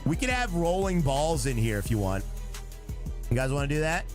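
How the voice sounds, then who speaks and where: A man doing live gameplay commentary, excitable and chatty, reacting out loud and talking to his chat as he plays. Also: a little high, normal speed, soft background music. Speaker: live streamer.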